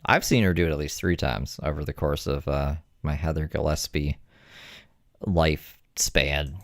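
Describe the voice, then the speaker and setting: A man's voice: extremely low pitch, fairly even intonation, normal speed, a little hiss or hum. A man giving casual, sarcastic and profane reaction commentary.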